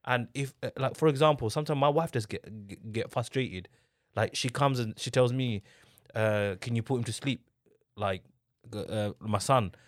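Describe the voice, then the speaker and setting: A young man tells stories in a relaxed podcast chat. He is animated, jumps into other people's voices and restarts his sentences often. His voice sits at a middle pitch, recorded close and dry. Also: normal speed, dry recording. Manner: animated storyteller, acts out what others said. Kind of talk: casual chat.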